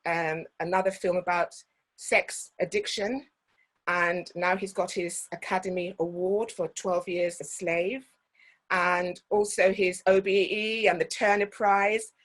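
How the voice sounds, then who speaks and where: A woman's voice: fairly low pitch, fairly even intonation, measured pace. Woman telling stories in a talk. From Guyana. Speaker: actor giving a talk. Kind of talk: personal storytelling talk.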